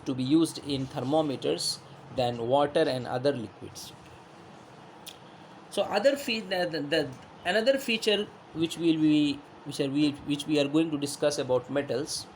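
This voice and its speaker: A male teacher giving a classroom science lesson, halting with fillers and restarts, checking in with "okay?". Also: on the high side, a little hiss or hum, rough recording.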